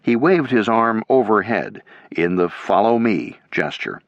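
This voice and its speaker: A man reading a military history audiobook in steady, measured scripted narration. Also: fairly low pitch, no room sound. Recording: dull lo-fi.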